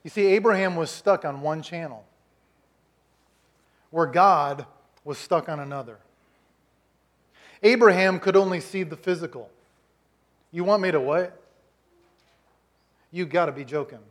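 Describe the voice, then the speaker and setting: Male pastor, high voice, emphatic storytelling sermon. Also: unhurried, pauses often. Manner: storytelling, emphatic, rhetorical questions.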